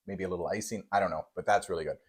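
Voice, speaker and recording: A young man gives a casual on-camera taste test. He delivers mock-serious verdicts, hesitating with fillers while his pitch jumps up and down. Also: very fast, breathy edge. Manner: playful mock-serious judging, with frequent fillers and lively pitch swings. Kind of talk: casual on-camera food review.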